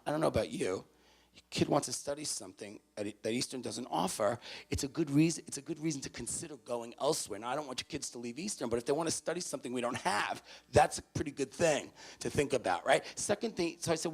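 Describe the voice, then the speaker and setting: A man with a gravelly, creaky voice at an ordinary middle pitch, addressing an audience of parents. He tells a story with animation and acts out the other voices in the conversation himself. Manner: animated anecdote, acts out both sides of conversations. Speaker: university student affairs staff speaker. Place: university venue, in front of parents.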